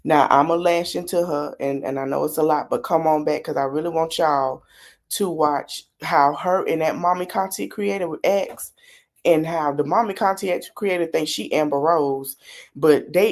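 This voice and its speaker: A woman's voice: on the low side, a little mellow. A woman hosting a live podcast stream, reacting to a video with blunt, sassy, mocking commentary full of slang. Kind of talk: livestream commentary.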